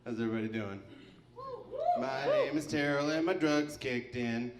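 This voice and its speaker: A male stand-up comedian doing a deadpan set and chuckling at his own jokes. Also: mid-range voice, normal speed, roomy sound, heavy background noise.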